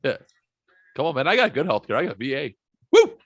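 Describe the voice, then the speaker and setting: A man in his forties chats casually on a live stream. His voice sits at an ordinary pitch, and he jokes and swears his way through the banter. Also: very animated, fairly quick, no echo, highs cut off. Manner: joking, profane banter. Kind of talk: casual chat.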